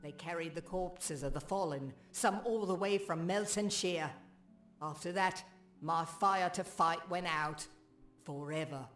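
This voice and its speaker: Stern British weaponsmith. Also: female voice, on the low side, measured pace, a bit bright, faint music behind. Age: middle-aged. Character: weaponsmith village woman, former would-be soldier. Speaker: game character. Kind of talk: game dialogue.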